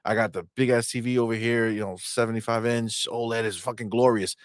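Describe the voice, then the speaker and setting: A man in his thirties co-hosts a casual gaming podcast from his game room at home. He talks in an animated, rambling way, full of fillers and swearing. His voice sounds dry and close, at a middle pitch. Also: fairly quick, dry recording. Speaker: podcast co-host. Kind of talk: casual chat.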